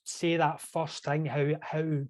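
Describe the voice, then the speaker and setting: A man's voice: on the high side, flat delivery, takes it slowly. A man, a podcast guest on a video call, telling his story openly and earnestly and often asking "you know what I mean?". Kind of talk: casual interview over video call.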